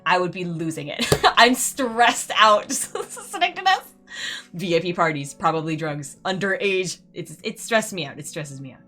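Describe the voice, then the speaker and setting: A woman's voice: on the low side, expressive, normal speed, fairly bright tone, soft background music. A woman streaming a game, giving casual, rambling commentary full of "like" and "you know". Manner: chatty, rambling, uses "like" a lot.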